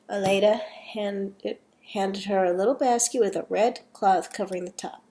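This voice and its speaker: A woman's voice: mid-range voice, moderate pace, dark tone. A woman, slightly sick, reading a fan story aloud in a casual, chatty way with self-deprecating asides.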